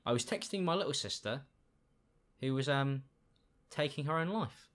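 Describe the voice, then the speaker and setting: A man giving casual reaction commentary, with sarcastic, deadpan asides. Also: medium pitch, brisk. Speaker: YouTube commentator.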